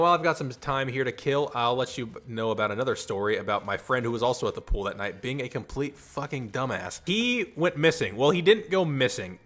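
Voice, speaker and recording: A man's voice: medium pitch, a bit bright. Young male vlogger, rambling storytime delivery, casual and profane. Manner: rambling and chatty, swears, laughs at his own story.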